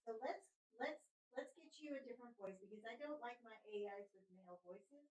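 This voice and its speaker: A woman streamer and voiceover artist arguing casually, exasperated, with quick restarts. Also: a little high, animated, roomy sound, poor audio. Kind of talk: casual livestream chat.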